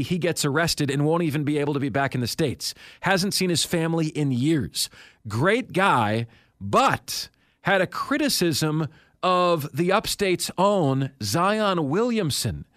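A man's voice: fairly high pitch, animated, a little slow, fairly bright tone, no echo. A male sports talk radio host with a somewhat raised voice, delivering a confident, emphatic monologue into a studio mic. The sound is dry and close, with no room around it.

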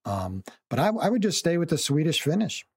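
Husky-voiced co-host explaining plainly. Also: male voice, on the high side, very animated, brisk. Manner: explanatory, matter-of-fact advice. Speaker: radio show co-host. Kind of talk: radio call-in talk.

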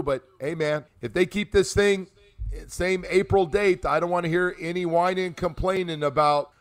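A middle-aged man rambles through casual sports talk, poking fun at himself. His voice sits a touch high and he sounds close and dry on the mic, with no room around him. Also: fairly bright tone, dry recording. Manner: rambling, self-deprecating. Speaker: sports radio host. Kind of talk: casual chat.

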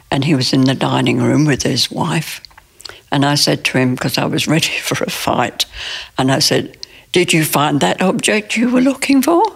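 A woman in her nineties recounting a personal story in an interview, in plain, halting speech with restarts. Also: rumbling low, vocal fry, breathy edge. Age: 90s. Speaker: interview guest.

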